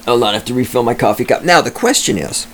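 A man's voice: medium pitch, lively intonation, fast, slight background noise. A man hosting a solo podcast, ranting with sarcasm and heavy profanity, talking at his home microphone. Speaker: podcast host.

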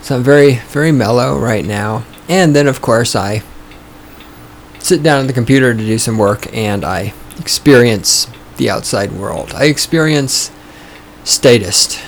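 Guy ranting on his podcast, sarcastic and sweary, voice getting hoarse, mid pitch. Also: a little slow, slight background noise. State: voice going hoarse. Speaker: podcast host. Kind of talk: casual opinionated podcast monologue. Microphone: studio microphone.

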